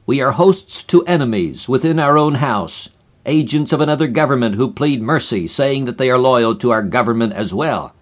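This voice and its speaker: A man's voice: medium pitch, expressive, normal speed, natural voice. A man voicing an earnest male diplomat who protests and explains his case.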